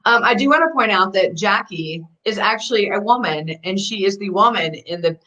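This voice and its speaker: Bubbly woman hosting with a lively, swooping voice. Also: medium pitch, normal speed, rough recording. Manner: bubbly, chatty, laughs often. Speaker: host. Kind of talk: casual livestream talk.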